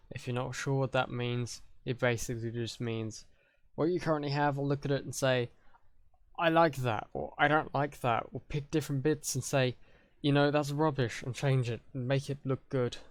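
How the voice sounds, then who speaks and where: A man's voice: mid-range voice, dry recording. A man hosts a casual tutorial, explaining grammar in a loose, chatty way with fillers and self-corrections. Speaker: conlang tutorial host.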